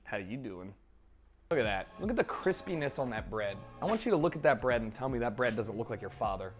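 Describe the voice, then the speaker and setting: A young man streaming himself cooking, chatting casually in a joking, profane, rambling way with sudden loud outbursts. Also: mid-range voice, very animated, fairly quick, faint music behind. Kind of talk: casual live-stream chat while cooking.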